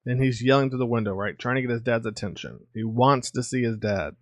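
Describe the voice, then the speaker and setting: A man's voice: medium pitch, dry recording. Casual male comics channel host, dry close mic. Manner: reads dialogue aloud in quick character snippets. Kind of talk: casual comic read-through.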